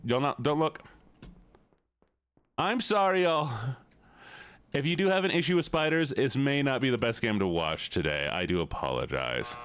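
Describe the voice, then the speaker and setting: Playful male streamer with a lively voice. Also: mid-range voice, moderate pace, long pauses, clean tone. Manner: playful, reads viewer messages aloud and answers them. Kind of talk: casual live-stream chat while playing a game.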